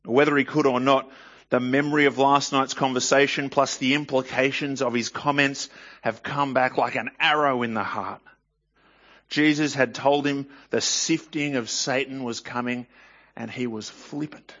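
A man's voice: mid-range voice, fairly even intonation, moderate pace, fairly bright tone, lo-fi sound. A man reading scripture aloud and commenting on it in a conversational way, often asking the listener rhetorical questions. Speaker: Bible teacher.

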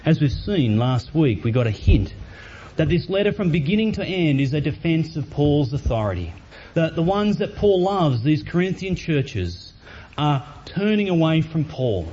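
A man's voice: on the high side, big pitch swings, normal speed, dark tone, breathy edge. A middle-aged man preaching a sermon in church, telling a reflective, earnest story with frequent hesitations. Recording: muffled church recording with faint hiss.

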